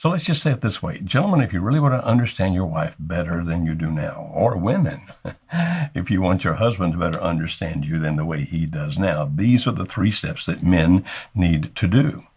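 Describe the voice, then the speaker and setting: An older man speaks in a low, gravelly register with a husky edge to his voice. He gives marriage advice in a folksy way, playing out small husband-and-wife exchanges as he goes. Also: lively intonation, moderate pace, darkish tone. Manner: folksy, acts out little dialogues with chuckles. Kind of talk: advice talk to camera.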